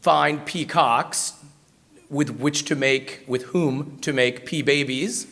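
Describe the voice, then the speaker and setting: A university guest speaker from the US tells stories slowly in a mid-range voice that's gravelly and a bit bright. His delivery is conversational and self-mocking, packed with fillers and false starts.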